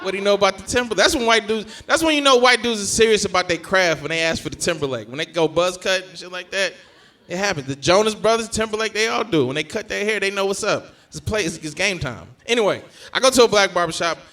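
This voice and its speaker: A young male stand-up comedian with a high voice, telling his bits in an animated way. His tone is bright and forceful, and he pushes loud punchlines at the crowd. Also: fast.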